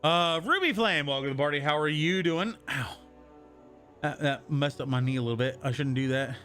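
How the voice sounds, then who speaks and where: A young male streamer with a bright, slightly high voice, talking in a loose and rambling way as he reads his chat and answers it. Faint music plays under his voice. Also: expressive, fast talker. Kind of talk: casual live-stream chat.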